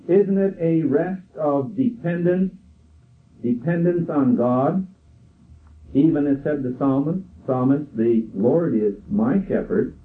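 An older man preaching a sermon in a slow, measured way, quoting scripture. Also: medium pitch. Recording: tinny phone-like sound from far off.

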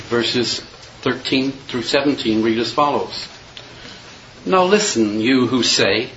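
A man preaching a sermon in a measured, earnest way, reading and quoting scripture verses. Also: mid-range voice, fairly bright tone, highs cut off, a little hiss or hum.

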